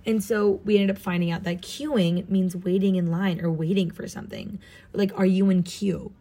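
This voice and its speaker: This young adult from Southern California, an American studying abroad, speaks at a moderate pace in a low, dark, steady voice during a casual vlog chat. Even though she sounds tired and jet-lagged, she's bubbly and gushing, with "like" in nearly every sentence.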